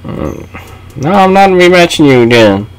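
Excitable young man trash-talking a game. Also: fairly high pitch, slow pace, smooth. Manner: excitable trash talk, sudden yelps. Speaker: gaming channel host. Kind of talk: casual gaming commentary.

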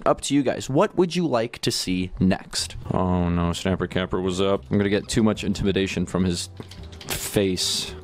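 A young man giving excited gameplay commentary, switching from hushed whispers to loud squeals. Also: low-pitched, normal speed. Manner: animated, jumps between whispers and loud squeals. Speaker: gaming YouTuber.

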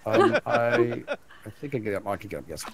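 A man's voice: medium pitch, expressive, brisk, creaky, a little hiss or hum. A man chatting casually while playing a co-op survival game, stammering a little and laughing often. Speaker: game player. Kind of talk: casual co-op gaming chat.

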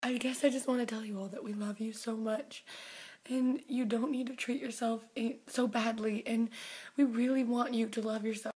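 A woman's voice: on the high side, fairly even intonation, normal speed, darkish tone. A young woman singer who has just been crying, talking earnestly to her fans, often dropping into a whisper. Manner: earnest, breathy, drops to whispers, many "like"s. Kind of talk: emotional vlog address to fans.

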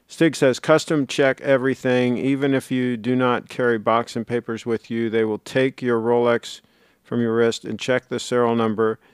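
A man's voice: mid-range voice, flat delivery, moderate pace, smooth, no room sound, studio quality. A middle-aged man hosting a casual livestream, reading viewer comments aloud and rambling on in a chatty, self-correcting way.

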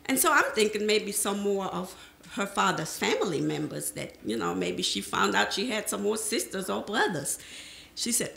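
A woman's voice: mid-range voice, normal speed, gravelly, reverberant, slight background noise. A middle-aged woman telling her life story to an audience as a panel speaker, acting out remembered conversations. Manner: lively storyteller who acts out remembered conversations. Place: presentation room.

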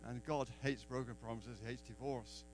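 A man's voice: mid-range voice, fairly even intonation, normal speed, a little mellow, slight background noise, low-quality recording. English man telling a storied testimony. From England. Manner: storyteller who acts out quoted dialogue. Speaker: church member giving testimony. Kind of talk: personal testimony at an open mic. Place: church deck at an open-mic event.

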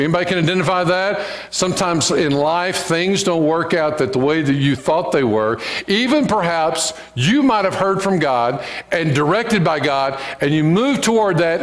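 Folksy preacher man. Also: on the high side. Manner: folksy, joking with the congregation. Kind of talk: sermon. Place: church sanctuary.

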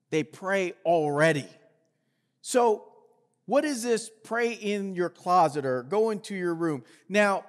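High-voiced male preacher in a reverberant hall. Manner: earnest, reads scripture aloud with rising force. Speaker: pastor. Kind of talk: sermon. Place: church sanctuary. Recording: long reverb of a large hall.

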